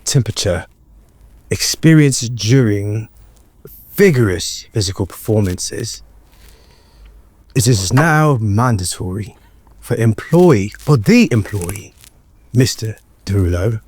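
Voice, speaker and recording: A man's voice: on the low side, expressive, takes it slowly, pauses often, a little mellow, husky, heavily acted. A man putting on a mock South London accent in a playful, hammy way, reading out a contract. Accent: put-on South London.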